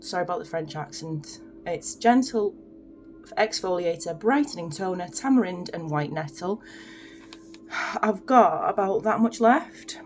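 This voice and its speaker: A woman's voice: mid-range voice, a little mellow. A woman chatting casually through her morning skincare routine in a home vlog, rambling with self-deprecating asides. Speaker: beauty vlogger.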